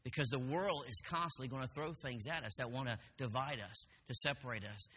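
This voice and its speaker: A man's voice: mid-range voice, fairly quick, sharp tone, in a large hall, a little hiss or hum. A middle-aged man telling a self-deprecating personal story as a church testimony sermon. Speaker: church speaker and military veteran. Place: church hall.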